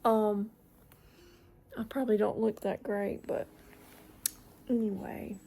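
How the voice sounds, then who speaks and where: Slow, gravelly woman vlogging. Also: mid-range voice, level tone, warm tone, low-quality recording. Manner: rambling, trails off, drops into whispered asides. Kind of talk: casual chat to camera. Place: at home in front of a mirror.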